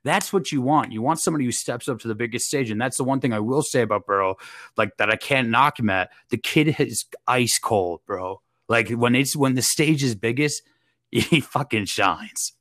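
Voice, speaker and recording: A man's voice: medium pitch, moderate pace, a bit bright, no room sound. A young man hosting a casual sports podcast, slangy and laid-back, often laughing. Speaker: podcast host.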